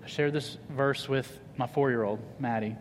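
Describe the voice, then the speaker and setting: A man in his thirties preaching a sermon to a congregation, telling funny family stories with lively humor. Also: mid-range voice, moderate pace, slight background noise. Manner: animated, humorous storyteller addressing a congregation. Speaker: pastor. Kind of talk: sermon with personal storytelling. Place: church hall. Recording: reverberant church hall.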